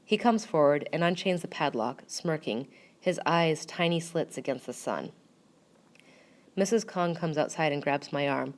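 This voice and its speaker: A woman reading a first-person story aloud in a measured, wry way. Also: sits low. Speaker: narrator.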